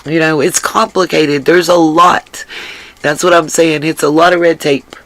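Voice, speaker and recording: A woman hosting a casual livestream and reading the chat aloud, drained, her voice rough from crying, earnest and emphatic and given to repeating herself. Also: sits low, fairly even intonation, unhurried, fairly bright tone, no echo, poor audio. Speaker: livestream host.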